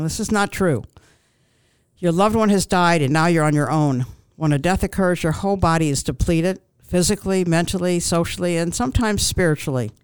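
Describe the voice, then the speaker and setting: A woman speaking as a grief counselor guest in an interview, giving calm, reassuring advice with frequent ums and restarts. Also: on the low side, smooth, dry recording.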